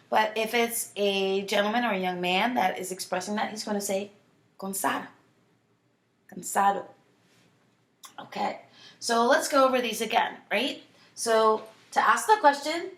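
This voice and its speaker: A woman teaching a Spanish lesson from home, drawing out model phrases slowly so students can repeat them. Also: on the high side. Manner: slow, drawn-out model phrases for repetition. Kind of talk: online language lesson. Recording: echoey room.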